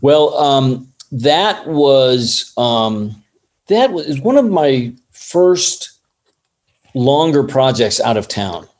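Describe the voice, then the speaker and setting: A man who works as an assistant director, telling a lively story in an interview and acting out other people's lines along the way. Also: medium pitch, drawn-out words. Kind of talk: casual anecdote in an interview.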